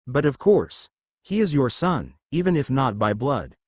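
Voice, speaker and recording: A man's voice: mid-range voice, sing-song, measured pace, a little mellow, no room sound, clean studio sound. A man doing a cold scheming armored villain.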